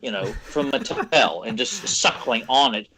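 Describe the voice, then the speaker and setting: A man's voice: medium pitch, expressive, unhurried, a crowd in the background. A man co-hosting a podcast over a video call, venting with crude sarcasm. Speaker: podcast co-host. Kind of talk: ranting casual chat.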